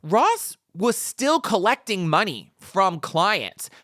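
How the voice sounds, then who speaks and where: A woman hosting a podcast, telling the story in casual, expressive chat and acting out quotes. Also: mid-range voice, slow, no room sound, clean studio sound. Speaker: podcast host.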